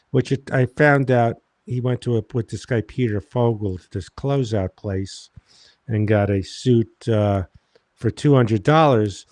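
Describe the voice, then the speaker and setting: A male comedian telling anecdotes in a deadpan, exasperated casual chat. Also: medium pitch, unhurried, dry recording. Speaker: comedian, show host.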